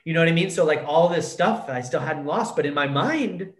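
A man's voice: on the high side, brisk. A man telling a candid recovery story as a podcast guest, blunt and profane, calling the host "dude". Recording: echoey room.

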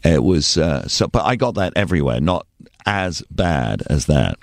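An older man with an English accent, a radio DJ telling lively stories as a podcast guest. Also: very deep voice, moderate pace, no echo. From England. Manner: animated anecdotal storyteller. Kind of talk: podcast interview storytelling. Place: studio.

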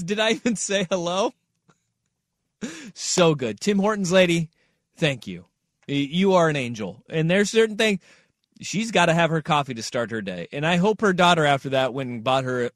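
A man hosting a podcast in casual chat, animated and riffing, acting out quotes. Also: a little high, moderate pace, no echo, studio quality. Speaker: podcast host.

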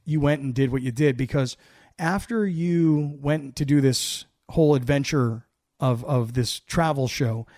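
A man's voice: mid-range voice, unhurried, a little mellow, dry recording, studio quality. A man hosting a podcast interview in a guest's home, eagerly asking questions and chiming in. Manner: eager interviewer, chimes in with short agreements. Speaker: podcast host. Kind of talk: casual interview.

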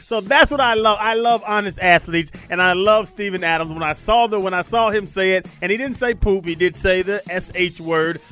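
High-voiced playful male co-host. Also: fairly quick, hardly any pauses, bright, forceful tone, faint music behind. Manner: playful, laughing. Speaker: radio co-host. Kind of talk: sports radio banter.

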